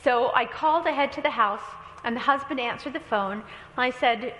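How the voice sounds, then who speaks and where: A woman's voice: sits high, normal speed, fairly bright tone. A woman pastor preaching a sermon, telling a story with quoted dialogue and light humor. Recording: echoey hall with long reverb.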